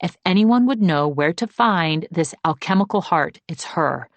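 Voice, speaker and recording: A woman's voice: lowish voice, expressive, moderate pace, no room sound, highs cut off. A woman reading an audiobook, voicing an anxious young woman who speaks urgently and pleads. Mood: pleading.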